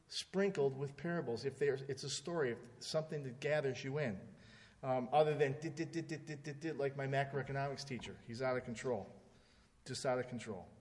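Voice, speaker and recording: A man teaching a conversational sermon, often asking his audience "right?" and mimicking voices when he quotes. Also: fairly high pitch. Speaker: Bible teacher. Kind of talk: informal sermon. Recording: long hall reverb.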